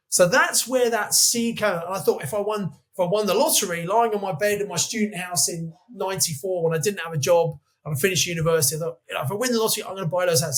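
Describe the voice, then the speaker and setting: High-voiced man telling stories. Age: 50s. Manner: chatty, animated anecdotes, quotes himself. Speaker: guest, property investor. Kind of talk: podcast interview storytelling.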